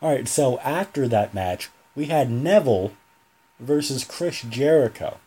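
A young man hosts a solo podcast in a loose, rambling way, stopping to correct himself as he goes. His voice is mellow and a little husky. The pitch sits in the middle range for a man. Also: expressive, a little slow. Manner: rambling, self-correcting, chatty. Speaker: podcast host. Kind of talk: casual solo podcast talk.

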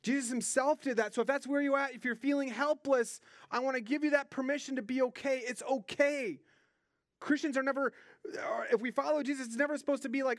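A young man with a high voice preaches earnestly, speaking conversationally and doubling back on words as he presses a point. The sound is dry and close, with no room around it. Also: fairly even intonation, fairly quick, no echo. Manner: earnest, repeats words when stressing a point. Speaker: pastor. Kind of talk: sermon.

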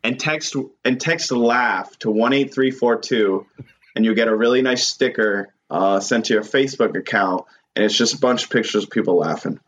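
A man's voice: fairly low pitch, normal speed, a bit bright. Podcast host, male, crude jokey banter, slightly muffled lo-fi sound. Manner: crude, joking, slips into mock voices. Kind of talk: casual comedic chat.

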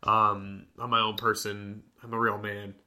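Bright-voiced young man telling rambling stories. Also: fairly low pitch, a little slow. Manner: animated, rambling, laughs often. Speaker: podcast co-host. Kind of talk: casual storytelling chat.

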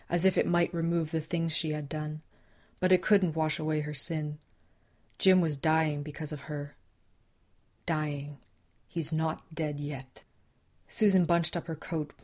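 Low-voiced woman narrating a dark thriller. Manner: measured, tense dramatic reading. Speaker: audiobook narrator. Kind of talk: scripted narration.

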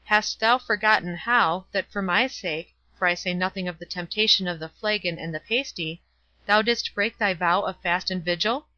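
A steady, teasing knight, unruffled and faintly mocking, as a woman reads him aloud. The voice is bright, heard dry and a little dull. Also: lowish voice, moderate pace, no room sound. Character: calm, teasing armored knight, man.

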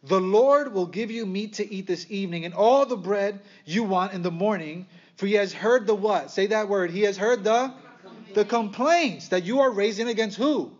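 A man preaching a sermon to a congregation, animated and full of rhetorical questions and sarcastic asides. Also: high voice, normal speed, muffled recording. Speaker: pastor.

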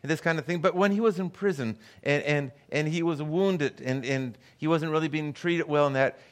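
The guest pastor, a middle-aged man, speaks a little high and at a moderate pace during his sermon. Storytelling drives it, and he imitates the voices of those he quotes.

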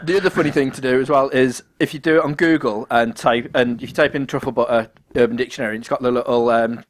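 A man's voice: medium pitch, steady tone, fast. A man co-hosting a casual podcast, joking and cutting in with questions and asides. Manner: jokey, cuts in with questions and asides. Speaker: podcast co-host.

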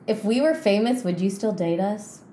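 A woman's voice: medium pitch, lively intonation, normal speed, roomy sound, noisy background. A young woman co-hosting a casual podcast, giggly and teasing as she chats. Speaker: podcast co-host. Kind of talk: casual chat.

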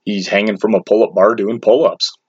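Low-voiced man telling a rambling story. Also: steady tone, brisk, breathy edge, no echo. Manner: rambling and blunt, with crude slang and many restarts. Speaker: storyteller recounting his own experience. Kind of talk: casual personal storytelling. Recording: dull lo-fi, dry sound.

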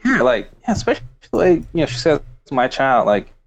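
This man's gravelly, mid-range voice moves briskly and swings widely in pitch. He's loosely discussing a book, reading bits out loud and meandering with frequent laughs and filler words.

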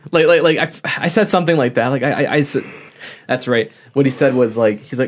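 A fast-talking young man with a mid-range voice co-hosts a casual podcast. His chat wanders, packed with fillers and restarts and broken up by frequent laughs.

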